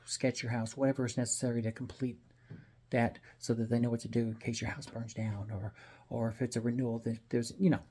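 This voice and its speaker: A man's voice: medium pitch, mellow, slightly rough. A man telling a personal story in a casual, blunt, profane and rambling way.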